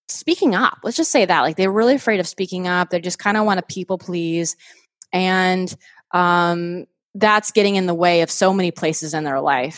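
In this casual podcast conversation, the guest is a woman who runs her own show too, and she talks in a chatty, excited way full of fillers. Her pitch sits fairly low. The studio-quality audio has no echo.

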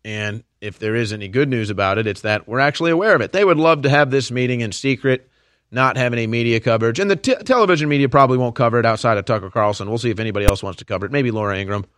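A man's voice: medium pitch, very fast, a bit bright, smooth, dry recording, clean studio sound. A man hosting a political commentary show, delivering a heated, ranting monologue straight to his audience. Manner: heated, ranting, addresses listeners as folks and man.

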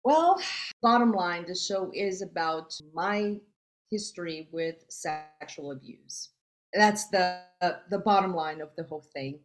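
Brazilian woman, lowish voice, thoughtful, lots of restarts, chatty interview guest. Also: lively intonation, measured pace. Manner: reflective, searching for words with restarts. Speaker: guest, theater creator and performer. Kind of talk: casual interview talk.

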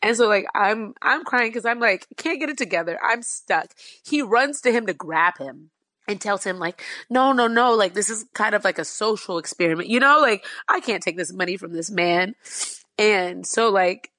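A woman in an interview, telling a personal story in an earnest, fast-flowing way with many fillers. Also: medium pitch, lively intonation, sharp tone, no echo, studio quality. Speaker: guest.

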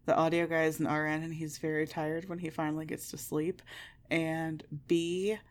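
A woman's voice: low-pitched, level tone, moderate pace. A woman with a Midwestern American accent co-hosting a podcast, chatting candidly, swearing freely and laughing at herself. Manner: candid, profane, self-mocking, laughs often. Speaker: podcast co-host. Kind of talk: casual chat.

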